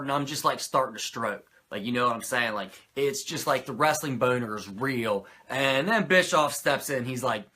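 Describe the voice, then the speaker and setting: A man's voice: on the high side, animated, normal speed, few pauses, pushed and bright. A man hosting a podcast, recapping wrestling in a rambling, crude, jokey way. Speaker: podcast host reviewing wrestling. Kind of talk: casual profane recap.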